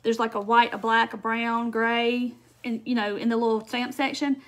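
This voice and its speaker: Woman, craft livestream host; a little high, chatty and easygoing, laughs a lot, talks to viewers while working. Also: flat delivery, normal speed. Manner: chatty, answers viewer comments, laughs often. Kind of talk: casual live craft demonstration.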